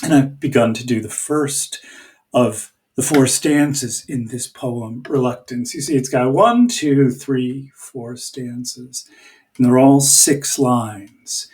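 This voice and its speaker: A man teaching a lesson on reading poems, explaining slowly and deliberately with some hesitations. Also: mid-range voice, a little mellow. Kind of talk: poetry lesson video.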